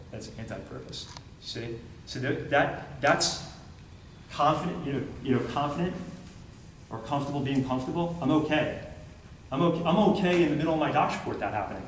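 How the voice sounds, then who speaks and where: A man with a mid-range voice delivers a brisk training talk to a group, telling a story with emphasis, acting out the dialogue, and repeating phrases for effect. The recording sounds roomy and distant, with faint ambience and slight background noise.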